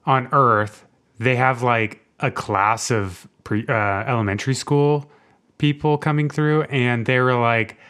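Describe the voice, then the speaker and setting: A man co-hosting a casual podcast, recapping an episode in a loose, chatty way. He laughs easily and leans on "like" and "you know" as fillers, at an ordinary middle pitch for a man. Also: fairly even intonation, unhurried, fairly bright tone, clean tone. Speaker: podcast co-host.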